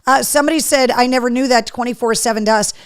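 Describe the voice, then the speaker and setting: Brief: woman, live show host, a touch high-pitched, dry close mic, easygoing and chatty. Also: fairly even intonation, fast, clean tone, no room sound. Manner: chatty, reads viewer comments aloud. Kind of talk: casual live-stream chat.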